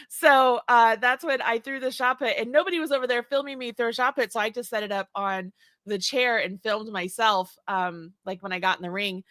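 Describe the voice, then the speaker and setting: A woman's voice: a little high, fairly quick, a bit bright, dry recording, studio quality. A woman in her forties hosting a casual chat show, talking in a rambling way with many restarts and laughs. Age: 40s. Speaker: host.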